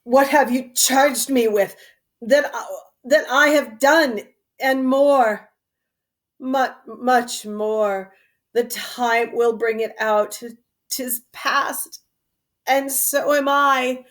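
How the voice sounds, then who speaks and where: A woman reading the part of a defeated, dying schemer, in a measured and resigned verse reading. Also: high-pitched, steady tone, fairly bright tone, exaggerated voice.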